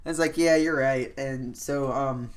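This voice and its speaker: A man's voice: mid-range voice, fairly even intonation, measured pace. A young man hosting a podcast, telling a long casual anecdote, loose and rambling, with lots of "like" and "you know". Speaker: podcast host. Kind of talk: casual storytelling chat.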